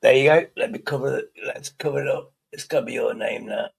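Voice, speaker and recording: Gravelly streamer, swearing casually. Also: male voice, mid-range voice, a little fast. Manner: swears freely, thinks aloud while working. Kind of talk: casual live-stream chat.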